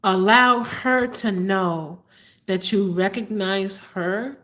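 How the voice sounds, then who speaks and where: Slow-talking woman tarot reader live. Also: mid-range voice, a bit bright. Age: 50s. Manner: slow, halting, emotional, many fillers. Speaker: tarot reader hosting a livestream. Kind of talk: live-stream chat answering viewers.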